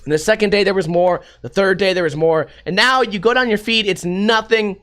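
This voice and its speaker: A man's voice: high voice, a little fast, a bit bright. A man hosting a podcast, rambling through a casual, sarcastic and profane monologue. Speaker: podcast host.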